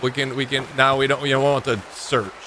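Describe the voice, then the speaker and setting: Man, bright forceful voice, rambling livestream chat, faint background hum. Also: mid-range voice, level tone, brisk. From Michigan. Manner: rambling, talks to chat while playing. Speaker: streamer. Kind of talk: casual livestream gaming chat.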